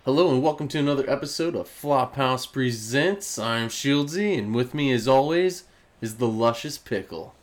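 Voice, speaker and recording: A man's voice: mid-range voice, lively intonation, moderate pace. A man hosting a podcast in casual chat, laid-back and chuckling as he talks. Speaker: podcast host.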